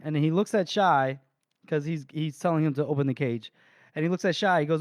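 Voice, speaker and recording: A man's voice: on the high side, normal speed, no room sound. A man co-hosting a podcast, casually retelling a book chapter with laughs, swearing and acted-out quotes. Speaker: podcast co-host.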